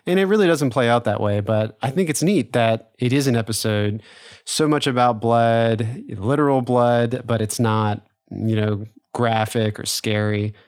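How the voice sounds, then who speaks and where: A man with a mid-range voice co-hosts a podcast, talking at a measured pace in clean studio sound with no echo. He chats casually about an episode, laughing often and letting his thoughts trail off into fillers.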